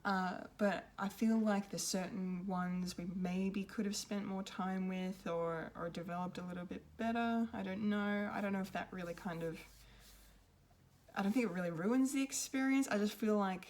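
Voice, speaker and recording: A woman's voice: medium pitch, moderate pace, a little mellow. A woman giving an unscripted film review, rambling and hesitant, with many ums and restarts. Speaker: pop culture reviewer.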